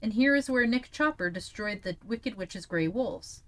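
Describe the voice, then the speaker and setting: A woman voicing the Scarecrow, a kindly, wise male straw king who speaks in a gentle, thoughtful manner. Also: medium pitch, lively intonation, normal speed, pitched above the performer's own voice, close to an everyday voice.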